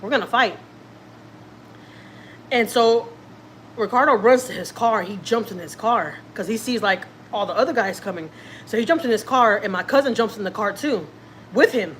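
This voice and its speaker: Here the Houston family vlogger talks at a normal speed, her medium-pitched voice a bit bright over a faint hiss or hum. She chats casually through a personal story, repeats herself a lot, and acts out people's quotes.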